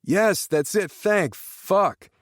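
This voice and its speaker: A man's voice: high voice, lively intonation, drawn-out words, no echo, clean studio sound, voice pushed up, full character voice. A man doing an exasperated swearing teen boy. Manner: exasperated, cursing.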